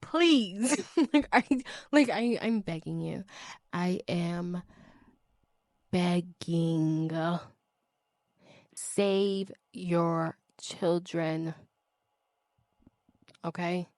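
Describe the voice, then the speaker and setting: Alone on her podcast, a woman with a low, darkish voice stretches out her words and leaves long pauses, recorded cleanly without any room sound. She's impassioned and emphatic, swears freely, and repeats her pleading lines between laughs and sighs.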